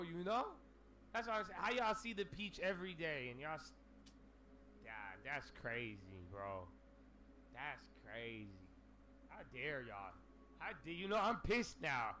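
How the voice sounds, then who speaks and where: A man hosting a casual livestream, ranting in an animated, profane way with lots of slang. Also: fairly high pitch, measured pace, a little hiss or hum. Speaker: livestream host.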